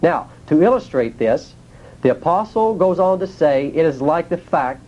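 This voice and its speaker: A man's voice: on the high side, lively intonation, normal speed, dull audio. A man teaching a sermon in a plain, folksy way, asking his listeners rhetorical questions. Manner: nonstandard grammar, folksy speech. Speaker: preacher.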